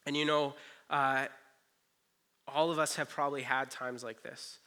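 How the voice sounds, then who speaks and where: Bright-voiced man preaching a casual sermon. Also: mid-range voice, level tone, unhurried. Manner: earnest, conversational, lots of "you know" asides. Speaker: pastor.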